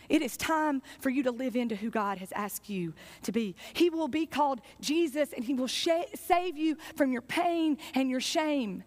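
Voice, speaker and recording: High-voiced woman preaching with passion. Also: moderate pace. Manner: impassioned storytelling with repetition. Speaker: pastor. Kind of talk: sermon.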